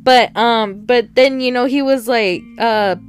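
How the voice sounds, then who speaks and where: A woman's voice: a little high, a little slow, faint music behind. A woman casually recapping and reviewing a TV episode, rambling along and acting out the characters' lines. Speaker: TV show reviewer.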